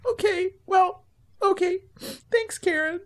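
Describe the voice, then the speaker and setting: A very high, squeaky little voice belongs to a downcast female Gorgon, put on by a woman. She mumbles short, meek answers slowly. It plays as a comedy audio sketch. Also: noisy background. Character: gloomy female Gorgon employee, timid.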